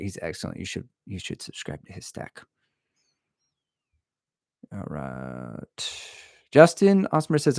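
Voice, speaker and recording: Low-voiced man chatting on a livestream. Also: vocal fry, darkish tone, no echo, clean studio sound. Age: middle-aged. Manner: rambling, jokey, reads viewer comments aloud. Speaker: livestream host answering chat. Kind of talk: casual live-stream chat.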